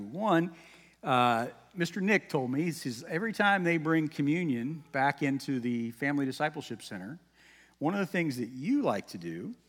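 A man's voice: fairly high pitch, a bit bright. A male pastor giving a sermon in a conversational, folksy way, with casual asides to the congregation. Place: church sanctuary. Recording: long reverb of a church hall.

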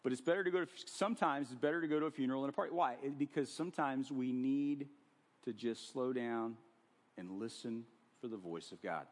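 A man preaching a sermon to a congregation, animated and conversational, acting out scenes with sudden swings in loudness. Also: mid-range voice, a little fast. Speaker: pastor. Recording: long hall reverb.

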